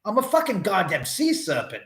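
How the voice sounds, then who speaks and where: Dude doing a grumpy sea serpent, swears a lot, voice jumps around, echoey. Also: male voice, high voice, wildly swooping pitch, normal speed, fairly bright tone, pitched above the performer's own voice, exaggerated voice. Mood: indignant. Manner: indignant, swearing. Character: cranky foul-mouthed male sea serpent.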